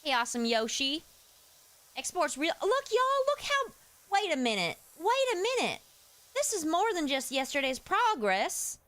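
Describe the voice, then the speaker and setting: A folksy Southern woman gabbing away in a casual stream chat, as a streamer puts her on. Her voice sits fairly high and swoops around a lot, and it stays clean and smooth. She drawls through her stories in a loose, friendly way. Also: lively intonation, measured pace, fairly bright tone, rough recording.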